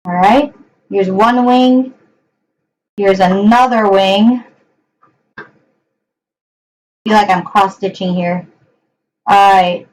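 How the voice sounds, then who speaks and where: A woman's voice: medium pitch, steady tone, drawn-out words, pauses often, darkish tone. A young woman chatting through a live home cooking show in her kitchen, hesitant with many ums, talking to viewers and her dogs. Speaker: cooking livestream host. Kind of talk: casual live cooking chat. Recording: voice a bit far from the mic.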